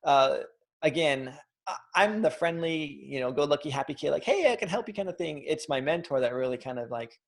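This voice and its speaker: A man in his thirties, an interview guest, telling his own story in a lively, animated way and acting out the quotes. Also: on the high side, moderate pace, gravelly. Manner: animated storyteller, acts out quotes, frequent restarts.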